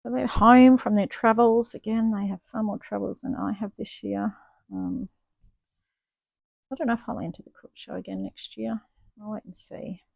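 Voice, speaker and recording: This woman's mid-range voice is creaky and a little mellow, with fairly even intonation and normal speed, captured in a dry recording. She's a stitching vlogger chatting casually in her home craft studio, thinking aloud and self-deprecating as she stitches.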